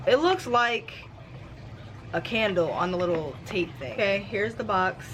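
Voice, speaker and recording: A woman's voice: medium pitch, animated, unhurried, fairly bright tone, a little hiss or hum. A young woman chatting casually to her camera in a car, gushing and emotional. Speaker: book vlogger. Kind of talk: casual vlog chat. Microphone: handheld camera.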